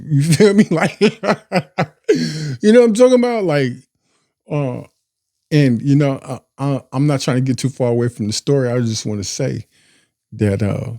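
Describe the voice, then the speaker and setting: A man's voice: mid-range voice, measured pace, long pauses, mellow, dry recording, clean studio sound. A man telling his life story in a casual monologue, cursing freely and often asking "you feel me?". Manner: profane, streetwise, keeps asking "you feel me?"; breaks into laughter.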